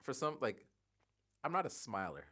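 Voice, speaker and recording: A man in his forties chatting casually on a livestream, rambling and halting, thinking aloud with many restarts. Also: mid-range voice, big pitch swings, a bit bright. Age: 40s.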